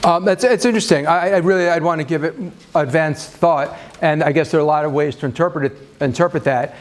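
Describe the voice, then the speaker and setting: A man with a fairly high voice lectures a live audience on marriage. He talks off the cuff, with self-deprecating jokes, and often restarts his sentences. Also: quick pace, slight background noise. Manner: conversational, self-deprecating humor, frequent fillers and restarts. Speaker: speaker leading a marriage seminar. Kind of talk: live seminar talk to an audience.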